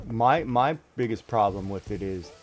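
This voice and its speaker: A man's voice: fairly low pitch, normal speed, soft background music. A middle-aged man streaming a game, chatting casually in a rambling way with many restarts and fillers. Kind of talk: casual chat while gaming.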